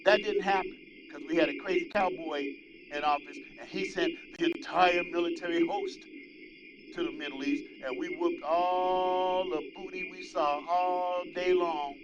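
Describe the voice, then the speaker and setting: A man hosting his own show, delivering an animated, preachy and mocking political commentary monologue. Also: high-pitched, unhurried. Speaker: host. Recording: dull lo-fi with loud crowd noise.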